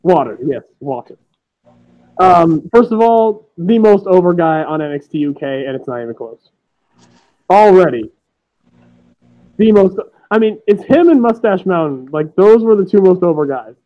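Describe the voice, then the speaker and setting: A young man hosting a casual wrestling podcast chat, talking in quick excited bursts and swearing freely. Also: high voice. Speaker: podcast host. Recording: dull lo-fi podcast audio.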